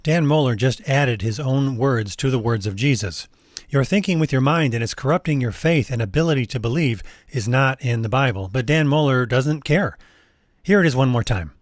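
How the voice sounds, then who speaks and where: A man giving measured, skeptical commentary in a voice-over. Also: medium pitch, no echo, studio quality.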